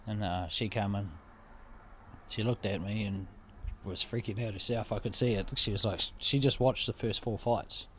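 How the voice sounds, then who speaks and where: Man, low voice, casual storyteller, vivid, repetitive, sweary. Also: steady tone, moderate pace, slight background noise. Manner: vivid, swearing, repeats phrases for effect. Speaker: guest telling a story.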